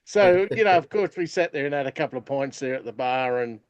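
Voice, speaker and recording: A man's voice: medium pitch, animated, brisk, dry recording. Rambling Australian man on a dull line. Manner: rambling, full of "you know" fillers. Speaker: podcast co-host. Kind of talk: casual chat.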